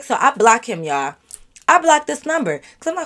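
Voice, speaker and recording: Chatty woman doing a storytime vlog, super animated, talks right to the viewers. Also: fairly high pitch, brisk. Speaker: vlogger.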